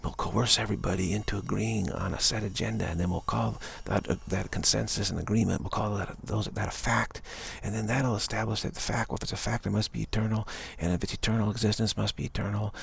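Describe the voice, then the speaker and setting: A man's voice: fairly low pitch, steady tone, fast talker, gravelly, few pauses, slight background noise. A man voicing a smug, self-satisfied schemer who boasts about outsmarting everyone. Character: smug scheming personified plausibility.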